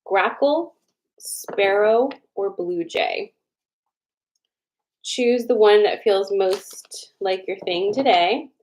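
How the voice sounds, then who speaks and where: Young woman chatting on a livestream, greets folks by name, drags out the choices slow, average pitch. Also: darkish tone, rough recording. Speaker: livestream host doing card readings. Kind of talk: casual livestream chat.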